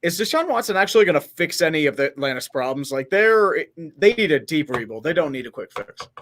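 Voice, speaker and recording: Bright-voiced, blunt podcast man. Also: on the high side, very animated, fairly quick. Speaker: podcast co-host. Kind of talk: casual sports chat.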